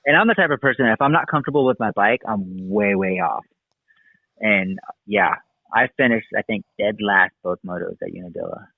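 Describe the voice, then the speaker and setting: Still recounting his motocross career, he speaks at a moderate pace in a low-leaning voice with vocal fry, rambling casually and dropping plenty of "dude" and "like." The line sounds tinny, as if on a phone, and the recording is dry.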